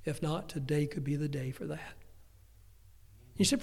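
A man's voice: a little high, unhurried, gravelly. An older man preaching a sermon as pastor, telling family stories with humorous asides. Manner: lively storytelling with humorous asides. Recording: long hall reverb.

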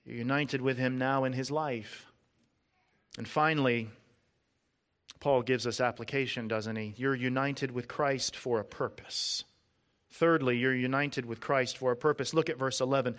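A man preaching a sermon, earnest and emphatic, stressing lists word by word and dropping low and soft at key points. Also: normal speed.

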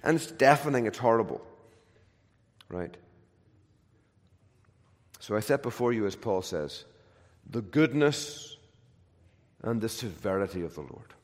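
A man's voice: fairly low pitch, expressive, a little slow, pauses often. Man preaching in an echoing hall. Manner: emphatic, repeats words, shifts between loud and hushed. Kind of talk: sermon. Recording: long hall reverb.

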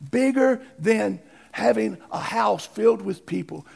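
High gravelly shouting preacher. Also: male voice, animated, measured pace. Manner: preaching with swings from shouting to hushed. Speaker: pastor. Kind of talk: sermon.

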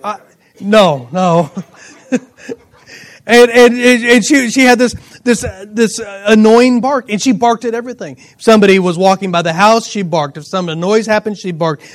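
A middle-aged man preaching a sermon, telling lively personal stories with bursts of laughter. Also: high voice, normal speed. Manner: animated storytelling with laughter. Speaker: pastor.

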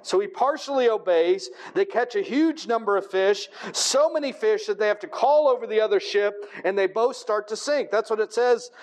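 A preacher with a notably high voice reads scripture aloud in his sermon and then explains it in plain, conversational language, frequently pausing to ask listeners "right?". He keeps a moderate pace with few pauses.

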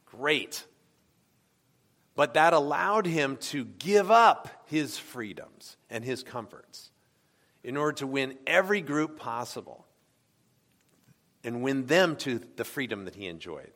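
A man's voice: mid-range voice, fairly bright tone. Conversational man preaching in an echoing hall. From United States. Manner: conversational, asks the congregation questions. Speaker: pastor. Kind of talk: sermon with audience questions. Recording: long hall reverb.

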